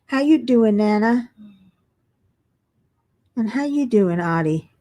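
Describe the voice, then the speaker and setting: A woman with a slightly high, expressive voice and a dark tone speaks slowly, leaving long pauses. She's tired and yawning while hosting a casual crafting livestream, reading comments aloud and chatting with viewers as she crafts.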